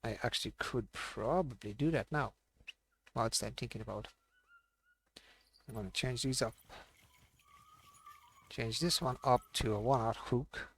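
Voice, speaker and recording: A man's voice: mid-range voice, measured pace, pauses often, fairly bright tone, breathy edge. A man streaming a fishing game, thinking aloud and muttering to himself as he plays. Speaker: gaming streamer. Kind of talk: casual live-stream commentary.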